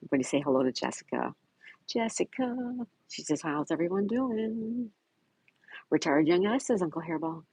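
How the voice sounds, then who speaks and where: A man's voice: high voice, lively intonation, moderate pace, a little mellow, breathy edge, no room sound, rough recording. A man hosting a casual livestream, reading viewer comments aloud and greeting chatters by name. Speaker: livestream host. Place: home in Florida.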